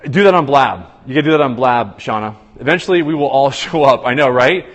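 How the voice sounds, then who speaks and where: A man's voice: medium pitch, lively intonation, fairly quick, fairly bright tone, soft background music. Man, casual livestream host, chatty, phone mic, long reverb. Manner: chatty, reads viewer comments aloud and greets viewers by name. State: tired after a long day.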